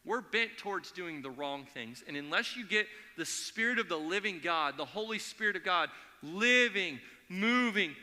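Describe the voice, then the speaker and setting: Bright-voiced preacher in a hall. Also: male voice, high-pitched, moderate pace, few pauses. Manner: animated storytelling, acts out quoted voices. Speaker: pastor. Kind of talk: sermon. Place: church sanctuary.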